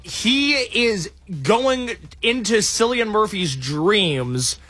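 A man's voice: sits high, lively intonation, very slow, sharp tone, no echo, soft background music. A man co-hosting a casual movie podcast, talking with wry, exasperated humor. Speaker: podcast co-host reviewing a movie. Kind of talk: casual chat.

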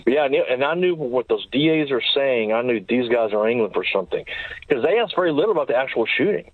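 A man tells his story at a brisk clip, packing in dates and quoted exchanges. His voice sits at an ordinary pitch and comes through a tinny, narrow phone line with no room sound around it. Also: expressive, no room sound. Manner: fast, detailed recounting with quoted dialogue. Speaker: interview guest, former sheriff's deputy. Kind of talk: storytelling in an interview.

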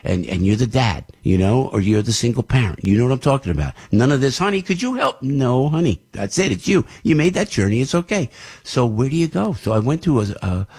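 A man's voice: mid-range voice, expressive, a little fast, hardly any pauses, darkish tone, husky. An older man, a radio host telling a long rambling story with many restarts. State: under the weather.

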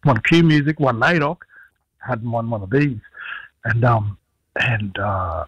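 A man's voice: medium pitch, measured pace, husky, no room sound, highs cut off. A man, a musician guest telling a story in a radio interview and acting out what others said. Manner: animated storyteller, acts out others' lines.

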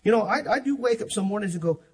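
An older man preaching a sermon as pastor, fervent and emphatic, swinging from loud to hushed. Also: sits high, animated, fast, breathy edge.

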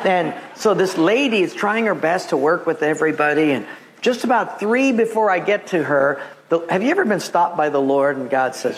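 A man preaching a sermon as pastor, telling stories with lively acted-out voices. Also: high-pitched, brisk. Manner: animated storytelling, acting out voices.

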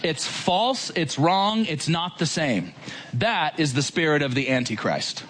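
A man preaching a sermon in an animated, conversational way, full of rhetorical questions. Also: on the high side, a little slow, a little hiss or hum.

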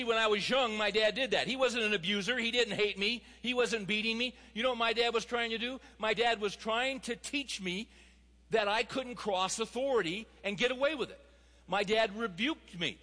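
A man's voice: sits high, moderate pace, bright, forceful tone, big-room sound. A man preaching a sermon with emphatic, fervent exhortation.

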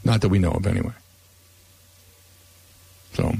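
A man's voice: low voice, a little slow, creaky, warm tone, slightly rough. A man hosting a sports talk radio show and taking calls, talking casually and repeating words as he starts his sentences.

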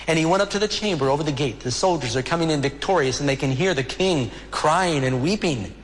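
A male pastor preaches with earnest conviction, stretching out key phrases for emphasis. His voice sits a little high, carried by a long hall reverb. A faint ambient hum lies beneath. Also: lively intonation. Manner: earnest preaching with dramatic slowdowns. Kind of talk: sermon.

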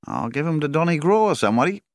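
A pushy, talkative cattle agent, voiced by a man in an audiobook. The voice jumps well above the reader's own deep range and stays close and dry. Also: sing-song, quick pace, no echo. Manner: pushy, keeps pressing a sale.

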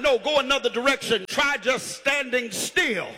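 A man's voice: high voice, normal speed, hardly any pauses, big-room sound. A man preaching a sermon, calling on the congregation to answer back and stretching out words for emphasis. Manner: call-and-response preaching, shouting and drawling phrases.

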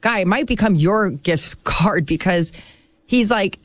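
A woman's voice: medium pitch, measured pace, no room sound. A woman on a radio show chatting playfully and telling stories about her weekend. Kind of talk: casual chat.

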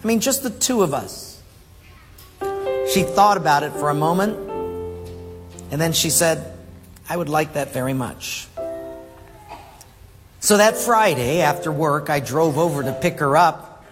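A man preaching a sermon, telling stories with animated acted-out voices and dropping low and soft for emphasis. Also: normal speed, long pauses, over music. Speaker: pastor. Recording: hall reverb, faint room noise.

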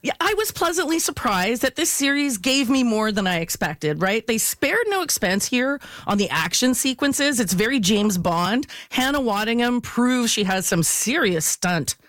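A woman working as a film and TV critic, giving an enthusiastic, lively radio review in a casual tone. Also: on the high side, normal speed, hardly any pauses, no echo. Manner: enthusiastic, animated storytelling.

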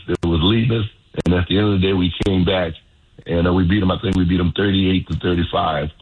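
A man's voice: low-pitched, slightly rough. An older man, a former football player telling stories in an interview, repeating phrases as he goes. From Louisiana. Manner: animated storyteller, repeats phrases. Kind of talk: storytelling interview. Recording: phone-like radio line.

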